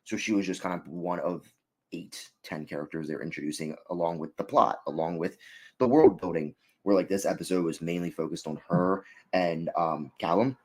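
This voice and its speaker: A man's voice: low-pitched, moderate pace. A man co-hosting a casual review chat, rambling with many fillers and restarts. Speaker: co-host reviewing an episode.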